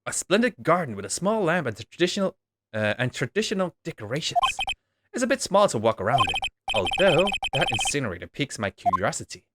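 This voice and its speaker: A man casually reading a detective game's dialogue aloud in a wry, relaxed playthrough. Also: medium pitch, fast, very noisy. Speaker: game streamer reading all characters. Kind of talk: game playthrough voicing the text. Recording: voice over loud game music.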